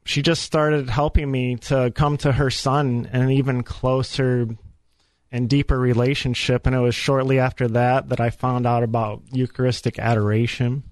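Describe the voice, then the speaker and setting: A man giving an earnest, animated personal faith testimony as a guest on a radio show. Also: medium pitch, moderate pace, no room sound. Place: radio studio.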